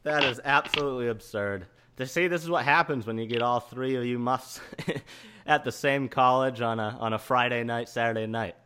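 A man's voice: medium pitch, normal speed, sharp tone, slight background noise. Male podcast host; jokey, ribbing, conversational lead. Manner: jokey, teasing, steers the conversation. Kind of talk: casual podcast chat.

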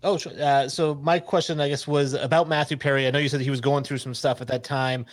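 A man's voice: mid-range voice, level tone, fast. A man interviewing a guest, asking a long question in a thoughtful, hedging way.

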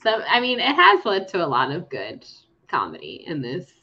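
A young woman co-hosts a casual book-club podcast, animatedly retelling scenes and acting out the characters' lines in playful voices. Her voice is lowish and a bit breathy at normal speed, and the recording has a slightly dull lo-fi sound.

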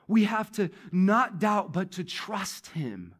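In a church, a male pastor delivers a sermon in a high-pitched voice with lively intonation, a little slow and with few pauses. He speaks conversationally, repeats key phrases, and swings from loud emphasis to quiet asides.

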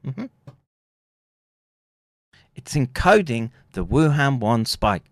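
A man with a bright, lively voice that jumps around his range, recorded close and dry with no room sound. He mocks and laughs at what he plays, then rises into shouted ranting. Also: mid-range voice, measured pace, dry recording. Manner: mocking, laughing, swinging into loud ranting. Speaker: commentary host. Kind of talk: reacting to news clips.

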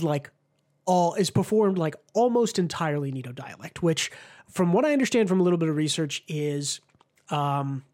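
Man, podcast host, higher-pitched, loose chatty delivery with frequent fillers. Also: darkish tone. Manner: chatty, many ums and restarts. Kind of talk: casual podcast chat.

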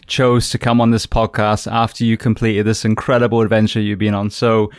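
A man's voice: lowish voice, flat delivery, fairly quick, clean tone, no room sound, clean studio sound. A man from the West Country with an English accent tinged with American, hosting a podcast interview with earnest enthusiasm. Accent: English West Country, with some American. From England. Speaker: podcast host.

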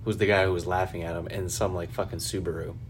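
A man's voice: sits low, flat delivery, fast, a little hiss or hum. A man hosting a podcast, telling a story in a rambling, profane, casual way. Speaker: podcast host. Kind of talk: casual chat.

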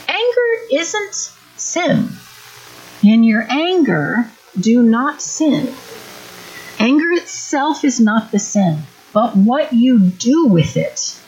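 A woman's voice: fairly high pitch, darkish tone. A middle-aged woman giving an earnest, direct church teaching talk at a parenting workshop. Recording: dull lo-fi recording.

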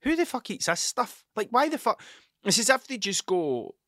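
A hungover young man rants in a restless, self-mocking ramble, with swearing in nearly every breath. His voice sits a little high and sounds bright and tense. The sound is dry and close, with no room around it. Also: big pitch swings, moderate pace, no room sound. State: hungover and sleepless. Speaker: podcast host. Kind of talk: rambling casual monologue. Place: cluttered room at home.

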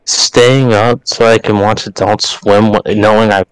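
A man's voice: on the low side, flat delivery, measured pace, clear, resonant tone, no echo, rough recording. A young man co-hosting a podcast in casual chat, laid-back and rambling with lots of fillers. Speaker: podcast co-host.

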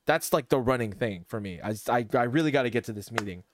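A man's voice: medium pitch, a little fast, hardly any pauses, no room sound. Give me a young man on a podcast with a dry, close sound, telling a rambling story and acting out the quotes. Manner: rambling, animated, acts out quotes. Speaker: podcast co-host. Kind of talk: casual storytelling among friends.

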